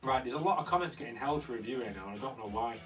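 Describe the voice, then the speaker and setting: A man's voice: medium pitch, animated, racing. A young man hosts a casual live stream from a converted studio room, chatting and answering viewer comments as they come in. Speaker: host. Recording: slightly distant mic with faint guitar music.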